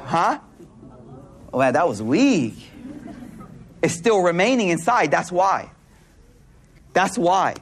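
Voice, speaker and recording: A man giving a sermon to a live audience, telling stories in an animated way, laughing as he goes, and using casual slang with lots of repeated words. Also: high-pitched, takes it slowly, pauses often, a faint crowd, slight background noise. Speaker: Islamic speaker.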